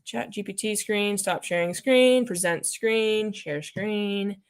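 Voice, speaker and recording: A woman with a smooth, mid-range voice hosts a relaxed livestream with puppets, speaking slowly. She chats, reads viewer comments out loud, and mutters to herself as she clicks around.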